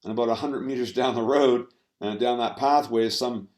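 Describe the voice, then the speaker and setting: A man giving a talk on stress management to an audience, halting and full of fillers and restarts. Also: medium pitch, a little mellow. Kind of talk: presentation talk. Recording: roomy echo.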